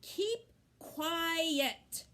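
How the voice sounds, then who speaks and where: A woman reading aloud and voicing an anxious young girl who speaks in a high, urgent way. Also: steady tone, moderate pace. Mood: cross.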